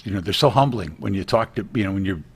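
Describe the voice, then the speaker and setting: Middle-aged man, lowish voice, earnest rambling realtor guest on a TV chat. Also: lively intonation, fast, slightly rough. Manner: rambling, earnest, many restarts. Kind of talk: casual TV interview chat.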